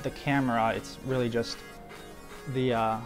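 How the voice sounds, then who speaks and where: A man giving casual how-to commentary while he airbrushes, relaxed and loose, saying "like" and "man" a lot. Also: medium pitch, a little slow, faint music behind. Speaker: airbrush artist.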